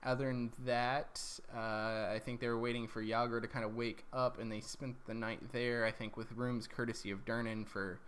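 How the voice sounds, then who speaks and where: A man's voice: medium pitch, level tone, normal speed, hardly any pauses, fairly bright tone, slight background noise. A man recapping his tabletop campaign as dungeon master, rambling along with lots of ums and corrections.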